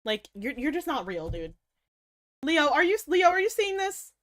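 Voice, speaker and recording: A woman's voice: high-pitched, sing-song, moderate pace, a bit bright. A young woman livestreamer chatting casually with her viewers, swearing freely, laughing often and playing up mock outrage. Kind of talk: casual stream chat.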